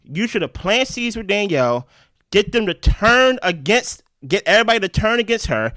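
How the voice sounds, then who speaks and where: A man breaks down a game strategy in a casual recap chat. He talks fast and animated, dropping "right?" as he goes, in a fairly high voice. The recording is close and dry. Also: no room sound. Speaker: podcast co-host.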